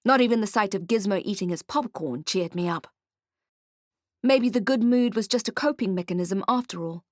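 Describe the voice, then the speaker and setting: A woman reads a first-person fantasy detective story, her tone wry and hardboiled. Her voice sits at a middle pitch, recorded close and dry with no room sound. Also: moderate pace, darkish tone, no room sound. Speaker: audiobook narrator. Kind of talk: first-person audiobook narration.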